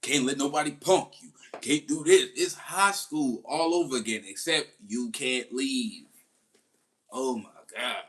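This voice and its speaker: A man's voice: medium pitch, unhurried. A man talking casually and animatedly, telling stories in a commentary monologue. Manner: slangy, animated storytelling with laughs. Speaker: commentary host.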